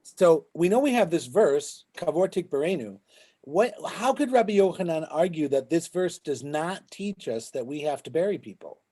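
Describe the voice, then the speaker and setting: Heard over a video call, a man speaks a little high and animated at normal speed, his dark tone slightly rough. He is a rabbi teaching a Talmud class, explaining as he goes and constantly asking students "right?"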